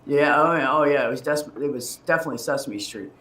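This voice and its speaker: A man talks fast at medium pitch with a crowd audible behind him, telling a personal story in casual chat. Emotional and candid, he rambles, restarts, and laughs, and the distant mic gives a roomy sound.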